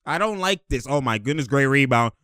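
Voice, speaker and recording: A man hosting a casual breakdown of game footage, excitable and slangy, laughing often as he talks through plays. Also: medium pitch, a little fast, smooth, no echo, clean studio sound. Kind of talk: casual play-by-play film breakdown.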